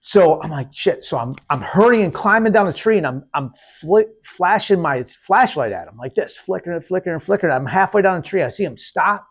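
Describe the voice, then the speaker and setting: A man hosting a podcast, telling a hunting story in a lively, casual way, acting out what people said and often restarting his sentences. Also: high voice, fairly quick, hardly any pauses, breathy edge. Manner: animated, acts out quotes, repeats and restarts. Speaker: podcast host.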